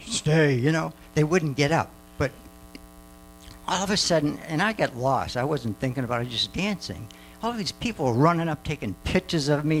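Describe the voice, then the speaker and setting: Rambling older man giving a lively testimony. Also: a little high, normal speed, poor audio. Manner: rambling, many fillers and restarts. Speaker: mission trip speaker. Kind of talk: testimony to a church audience.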